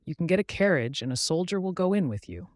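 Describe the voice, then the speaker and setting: Brief: male narrator doing a stiff, formal lieutenant at a border post, pitched a bit high, lively, dry sound. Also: fast talker, dry recording.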